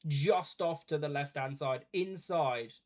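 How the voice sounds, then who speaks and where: A man talking through a football match as it happens, calling each pass and foul in a relaxed, conversational way. He mixes play-by-play with casual asides to his viewers, as on a live watch-party stream. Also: fairly high pitch, slow. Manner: chatty play-by-play with asides to chat.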